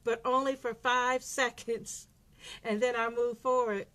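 A woman's voice: fairly high pitch, steady tone, moderate pace, pushed and bright. A middle-aged woman blogger giving a motivational monologue, stressing her points by repeating short phrases.

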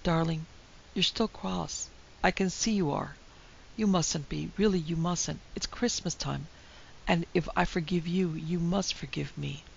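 A woman voicing a quick-tempered, proud young wife in a storybook reading, her voice heated and trembling. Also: lowish voice, creaky. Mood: pleading. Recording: dull lo-fi recording with faint hiss.

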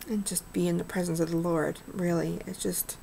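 Earnest rambling woman with a gravelly voice. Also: lowish voice, little pitch movement, moderate pace, warm tone, slight background noise. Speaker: vlogger. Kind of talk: casual heartfelt vlog rant.

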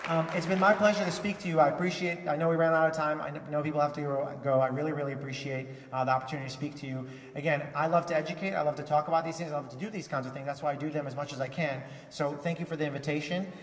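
A man's voice: a little high, fairly even intonation, rapid-fire, hardly any pauses, far from the mic, some chatter behind. Man giving a keynote in an echoey hall. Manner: enthusiastic, repeats words when restarting. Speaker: keynote speaker. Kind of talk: conference keynote speech. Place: large conference hall.

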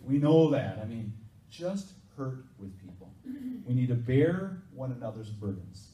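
In this sermon, a pastor with a mid-range, dark-toned voice is very animated yet keeps a measured pace. He talks conversationally and asks the congregation questions, captured by a distant mic in an echoey hall with faint noise.

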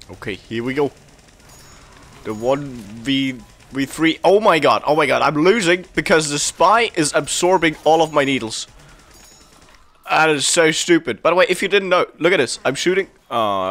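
A young man giving casual, excitable commentary while playing a game, laughing often and calling out to the other players. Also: medium pitch. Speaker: gameplay commentator.

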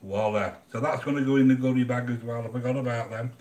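Speaking fast in a steady, somewhat mellow medium-pitched voice, this livestream cooking host sounds roomy on the recording. He's an older English man, blunt and casual with his viewers, grumbling and cracking jokes as he cooks.

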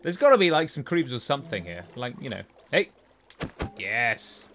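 A young man giving casual Let's Play commentary, chatty and talking to the game animals, with sudden excited outbursts. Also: medium pitch, moderate pace, soft background music. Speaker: gaming YouTuber.

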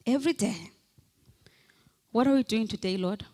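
A woman's voice: fairly high pitch, moderate pace, a little mellow. A woman pastor preaching a fervent sermon, calling out repeated hallelujahs and leading the congregation in declarations. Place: church hall. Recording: long hall reverb from a church.

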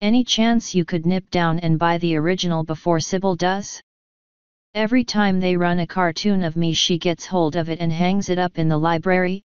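A woman reading an audiobook, voicing a gruff, weary middle-aged male police commander who grumbles. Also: on the low side, steady tone, normal speed, darkish tone, no echo, lo-fi sound, lightly acted.

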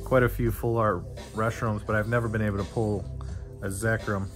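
Give me a low-voiced middle-aged man chatting casually through a card unboxing, with music playing behind. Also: level tone, normal speed. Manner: chatty, reads card names aloud in lists.

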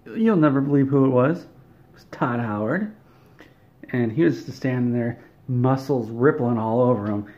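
A man telling an absurd comic story in a deadpan monologue, correcting himself as he goes. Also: mid-range voice, normal speed, muffled recording. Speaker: comedic storyteller. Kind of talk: comedic monologue.

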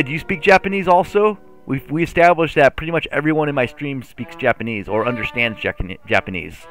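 Excitable, gravelly male game streamer. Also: medium pitch. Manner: playful, excitable, jokey with chat. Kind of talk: live gameplay commentary.

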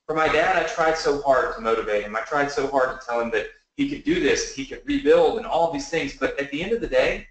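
A man in his early thirties giving a motivational webinar pitch, telling his story earnestly and often asking the audience to say yes. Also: fairly quick, hardly any pauses, a little hiss or hum. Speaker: online business presenter. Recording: very echoey room.

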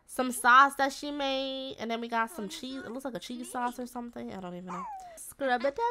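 A woman giving casual, expressive let's-play commentary, chatting to viewers as she plays a life-simulation game. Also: on the high side, fairly quick, background noise. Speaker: game streamer.

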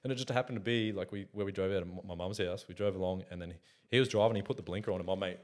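Australian man, low-pitched, quick talker, casual podcast chat, lots of swearing and laughs. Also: steady tone, darkish tone. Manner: swears a lot, laughs often, acts out mates' voices in stories. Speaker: podcast co-host.

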